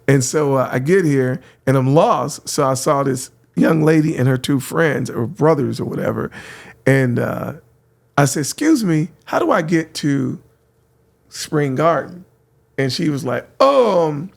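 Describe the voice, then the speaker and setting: Gravelly, animated storyteller man. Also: on the high side, unhurried. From San Francisco. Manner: lively, acts out voices in anecdotes, laughs often. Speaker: radio host guest.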